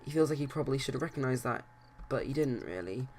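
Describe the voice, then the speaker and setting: A man's voice: mid-range voice, expressive, fast talker, a little mellow, slight background noise. A man casually narrating his life-sim game let's play, rambling with many hesitations and restarts. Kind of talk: casual game commentary and storytelling.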